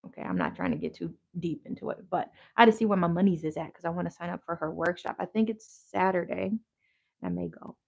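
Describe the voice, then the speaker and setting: Woman host, gravelly creaky voice, slangy rambling livestream chatter, dull lo-fi sound. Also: on the low side, sing-song, fast. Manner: slangy, rambling, talks back to chat. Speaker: yoga therapist and crafter, livestream host. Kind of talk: casual livestream chat while crafting.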